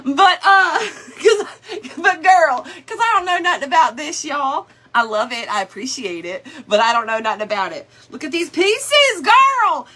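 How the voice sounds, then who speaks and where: A woman's voice: a little high, pushed and bright. A middle-aged woman chatting casually on a craft livestream, greeting viewers by name in a folksy way.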